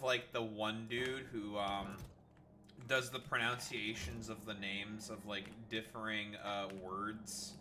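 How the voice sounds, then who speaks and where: A man's voice: on the low side, bright, forceful tone, slight background noise. A man streaming a game, chatting casually, swearing and trailing off mid-sentence. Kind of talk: casual gameplay commentary.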